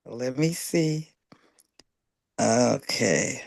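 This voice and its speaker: A woman joining a group video call and slowly reading an affirmation aloud. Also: extremely low pitch, expressive, creaky.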